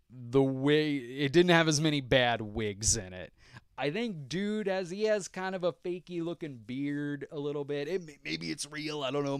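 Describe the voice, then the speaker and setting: A man's voice: fairly high pitch, smooth, no room sound, clean studio sound. A middle-aged man hosting a podcast, chatting casually through viewer questions, rambling and restarting his sentences. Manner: rambling, frequent restarts and fillers, chuckling. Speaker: podcast host. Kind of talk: casual live stream chat answering viewer questions.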